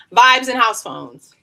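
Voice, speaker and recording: Chatty bright-voiced woman livestreamer. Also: a little high, vocal fry. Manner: rambling, chatty, slangy, laughs often. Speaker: beauty livestreamer. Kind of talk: casual live-stream chat during a wig tutorial.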